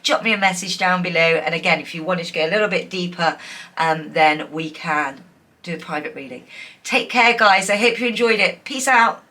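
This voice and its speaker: A woman doing a pick-a-card tarot reading to camera, chatty and encouraging, laughing often and filling pauses with ums. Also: on the low side. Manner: chatty, giggly, warm and encouraging, many fillers. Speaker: tarot reader.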